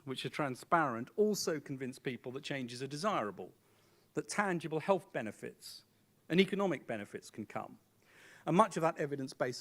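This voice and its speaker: A middle-aged man delivers a formal, measured conference speech, laying out his points one at a time with deliberate emphasis. His pitch sits fairly high and his tone is fairly bright.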